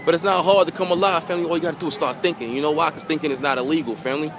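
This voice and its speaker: A man's voice: a little high, fairly even intonation, very fast. A man giving an impassioned, emotional monologue to camera outdoors by a pier, preachy and repetitive, swearing and calling his viewers family. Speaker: vlogger. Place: outdoors by a pier near water. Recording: outdoor wind and water noise.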